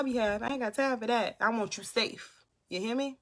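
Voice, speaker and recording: A woman's voice: fairly high pitch, brisk, pushed and bright. A young woman hosting a casual live stream from her room, chatting and reading viewers' comments aloud. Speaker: motivational livestream host. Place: home room.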